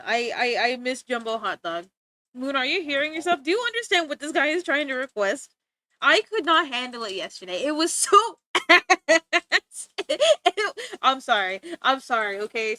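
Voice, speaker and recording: A woman's voice: fairly high pitch, animated, quick pace, sharp tone, no room sound. A woman streaming live while she draws, chatting casually and playfully, giggling and making exaggerated complaints.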